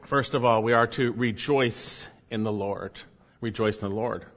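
A man's voice: on the low side, moderate pace, a bit bright, a little hiss or hum. A man preaching a sermon as a pastor, emphatic, with many repeated phrases. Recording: muffled sound with long hall reverb.

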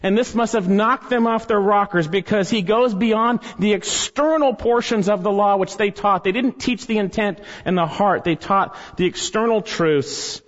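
High-voiced male preacher, echoey hall. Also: moderate pace, few pauses, muffled recording. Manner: emphatic, rising on scripture quotes. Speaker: pastor. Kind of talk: expository sermon.

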